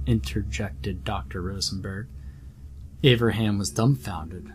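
A man reading a horror story as a slow and deliberate scripted narration. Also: on the low side, a little mellow, a little hiss or hum.

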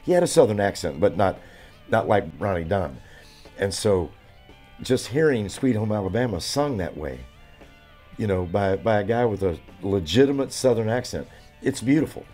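A man in his seventies with a very low, deep voice, telling stories in an interview. He rambles, with plenty of fillers and restarts, and sounds enthusiastic. Faint music plays behind him. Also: very animated, normal speed, a little mellow. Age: 70s. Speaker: drummer.

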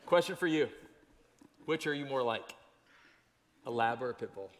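A man preaching a sermon as pastor, talking conversationally, asking the congregation questions and telling stories with lively energy. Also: medium pitch, normal speed. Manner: conversational, animated storytelling with audience questions. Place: church sanctuary. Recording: long church hall reverb.

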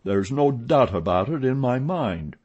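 A man playing a gruff head groom who talks bluntly, in a dry and measured way, in an audiobook. He speaks slowly, with a slightly husky sound. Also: mid-range voice, lo-fi sound, voice pushed up. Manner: flat, dry, measured delivery.

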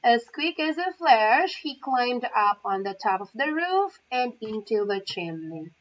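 A woman reads a children's story aloud very slowly and carefully, pausing for little asides. Her voice is fairly high, and the recording is muffled and dull, with her sitting a bit away from the mic. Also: very animated, distant mic. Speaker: English teacher trainee.

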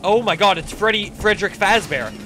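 A young man doing let's play commentary, excitable, reacting loudly and laughing. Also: sits high, fairly quick, slight background noise. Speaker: gaming YouTuber.

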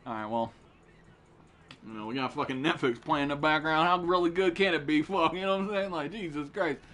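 A young man streaming a shooter game, cursing and trash-talking with friends in excited, loud outbursts. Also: on the high side, a little fast, a little hiss or hum. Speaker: gaming streamer. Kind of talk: live gameplay commentary with friends.

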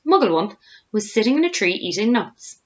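A woman with an Irish accent reading a children's storybook aloud in an expressive, lively way. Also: mid-range voice, fairly quick. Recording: dull lo-fi home recording.

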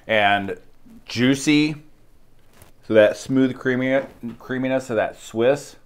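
A man's voice: mid-range voice, takes it slowly. A middle-aged man co-hosting as a butcher, chatting casually and joking while he tastes the food. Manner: enthusiastic, jokey. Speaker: butcher and co-host. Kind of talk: casual tasting chat.

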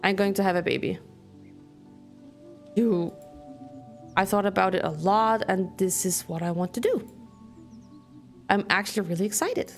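A woman reading as Maria, calm and certain. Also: mid-range voice, unhurried, long pauses, faint music behind. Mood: steady. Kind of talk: reading game dialogue aloud.

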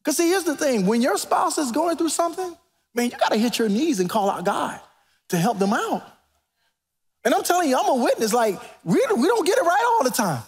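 A man preaching a sermon as pastor in a church, animated and preacherly, rising to near-shouts. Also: very high-pitched, a little fast. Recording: reverberant church sanctuary.

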